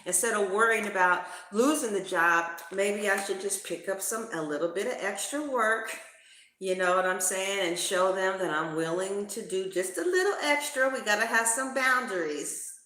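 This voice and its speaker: A woman's voice: mid-range voice, animated, normal speed, pushed and bright. A woman reading tarot cards in a casual, slangy, profane way. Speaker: tarot reader. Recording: roomy echo.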